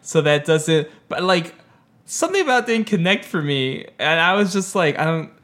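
A man co-hosting a podcast in casual chat. He is blunt and swears, and he thinks out loud. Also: on the high side, lively intonation, moderate pace. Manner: blunt and profane, thinks aloud. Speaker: podcast co-host.

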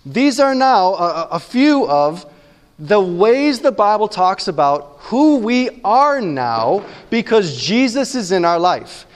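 High-voiced man preaching a chatty sermon. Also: very animated, takes it slowly, in a large hall. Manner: conversational, asks the room "right?" often. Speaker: pastor.

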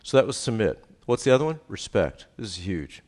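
Pastor, middle-aged man, low voice, emphatic with jokes, repeats key lines. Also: sing-song, brisk, a little mellow. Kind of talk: sermon.

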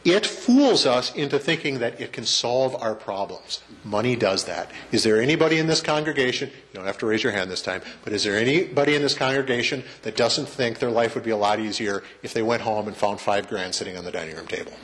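A man's voice: mid-range voice, expressive, a little fast, hardly any pauses, fairly bright tone. A man preaching a sermon to his congregation in a church, chatty and joking, asking the room questions. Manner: conversational preacher, asks the congregation questions and jokes. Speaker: pastor. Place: church sanctuary.

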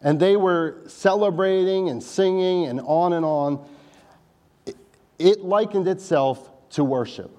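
A pastor preaching in a relaxed, joking way. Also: male voice, high voice, unhurried. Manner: conversational, wry asides. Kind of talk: sermon.

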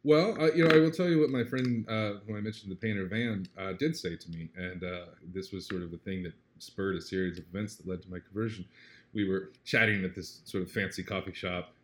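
A man being interviewed, talking in an earnest, reflective way. He often checks in with "right?" and grows animated when he retells a story. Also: deep voice, fairly quick, slight background noise. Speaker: interview guest. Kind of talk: casual conversational interview.

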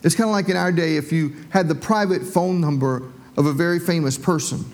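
A man's voice: fairly high pitch, brisk, a little mellow. A man preaching a sermon as pastor, telling the story in a conversational way with folksy asides.

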